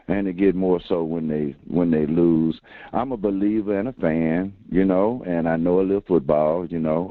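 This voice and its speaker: A man's voice: low voice, no echo. A man calling in to a sports talk show, laid-back and rambling, full of fillers. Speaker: caller. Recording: tinny phone line.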